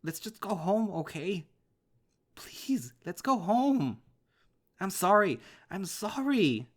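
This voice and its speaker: A man voicing a young male animal-person who pleads with his father, shrill and hoarse, sobbing. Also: very animated, takes it slowly, exaggerated voice. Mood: desperate pleading.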